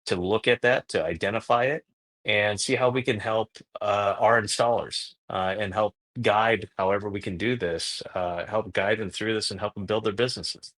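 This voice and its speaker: Casting note: lower-pitched male guest, steady, thoughtful, hesitant pauses. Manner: measured, with filler "uh" pauses. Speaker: guest, company representative. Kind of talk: interview answer.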